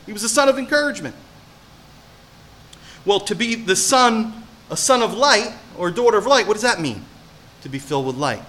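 A male preacher delivering a sermon in a bright, forceful voice. He moves between hushed, low passages and loud, raised peaks, checking in with his listeners by asking them questions. His voice sits a little higher than most men's. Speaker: pastor.

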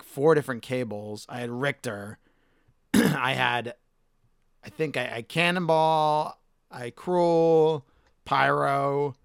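A man's voice: mid-range voice, creaky, smooth, no echo, studio quality. A man co-hosting a casual podcast chat, swearing casually and losing his voice. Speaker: podcast co-host.

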